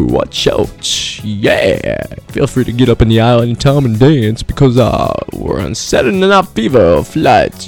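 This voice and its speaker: A man's voice: mid-range voice, vocal fry, darkish tone, full character voice. A man doing an impression of a celebrity as a laid-back airline captain with a disco swagger, drawling and tossing in filler. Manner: drawling, loose, "yeah yeah" filler.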